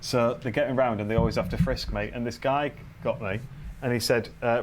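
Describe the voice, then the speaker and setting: A man's voice: mid-range voice, moderate pace. British man, podcast co-host, casual chat, anecdotes with quoted voices, slight hiss. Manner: storytelling with acted quotes.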